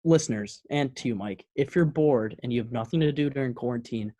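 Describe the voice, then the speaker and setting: Young male co-host, mid-pitched, earnest, halting, lots of fillers. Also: mellow. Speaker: podcast co-host. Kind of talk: casual sports podcast chat.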